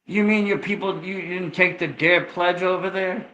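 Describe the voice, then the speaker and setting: Joking Boston man with a bright voice. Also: sits high, fairly even intonation, normal speed, rough recording. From Massachusetts. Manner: joking, profane banter. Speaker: co-host. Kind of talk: casual late-night chat.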